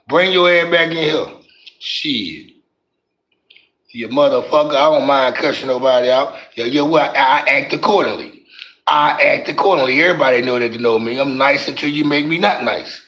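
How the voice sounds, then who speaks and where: A man's voice: medium pitch, fairly bright tone, low-quality recording. A man hosting a casual livestream, joking and trash-talking viewers in the chat with heavy cursing. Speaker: livestream host.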